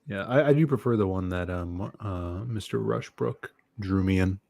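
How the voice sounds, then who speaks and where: Young male co-host, gravelly and laid-back, easygoing chat. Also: low-pitched, normal speed, a little mellow. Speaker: podcast co-host. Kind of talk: casual chat.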